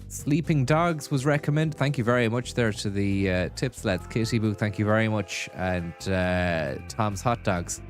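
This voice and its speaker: A man's voice: fairly low pitch, a little slow, few pauses, soft background music. A man streaming a game on a headset mic, chatting casually, rambling and thanking viewers. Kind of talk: casual gaming commentary.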